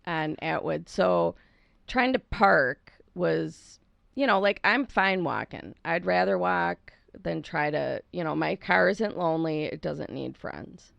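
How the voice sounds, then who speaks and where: A woman's voice: low-pitched, lively intonation, slow, gravelly, a bit bright, dry recording, highs cut off. A middle-aged woman co-hosting a podcast, telling a story in a rambling, self-mocking way with lots of laughter. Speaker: podcast co-host. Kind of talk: casual storytelling chat.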